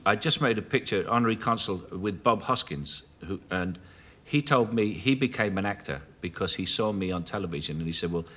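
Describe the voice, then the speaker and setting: Cockney male actor, 50s, chat show guest; low pitch, bright edgy tone, anecdotal and chuckling. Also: expressive. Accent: Cockney London. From South London, England. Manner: anecdotal, chuckling, halting restarts. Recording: 1980s television studio broadcast.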